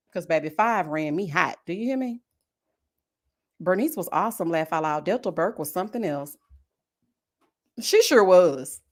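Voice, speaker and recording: A woman gives casual live-stream commentary, gossipy and full of sass. Her pitch sits in a middle range but leaps around with animated, expressive swings. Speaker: YouTube reality-TV reviewer.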